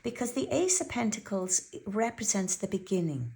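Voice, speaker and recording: A woman's voice: medium pitch, very animated, normal speed, dark tone. A woman giving an earnest, chatty weekly tarot reading and telling a personal story, often repeating herself. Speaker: tarot reader.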